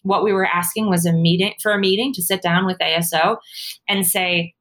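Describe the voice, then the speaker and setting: A woman guest in a casual interview, telling her story in a lively, animated way with many fillers and laughs. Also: on the low side, brisk. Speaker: guest, former pro cyclist and author.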